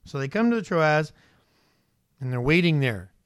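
A man in a slightly high register delivers a sermon as a pastor, talking to the congregation conversationally and pressing them with rhetorical questions. The sound is dry and close, with little room around it. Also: animated, measured pace, clean tone, dry recording.

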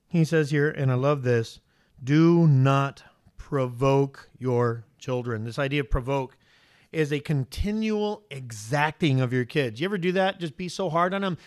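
A man with a notably high voice preaches a sermon with animated energy. He keeps tossing rhetorical questions at his congregation and swings between punchy emphasis and quieter asides. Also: normal speed. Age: adult father. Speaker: pastor.

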